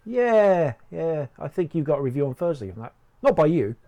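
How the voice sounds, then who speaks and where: A man hosts a casual studio chat. His voice is on the high side and moves about a lot. He drops dry quips as he keeps the talk moving. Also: sing-song, moderate pace, lo-fi sound. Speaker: show host.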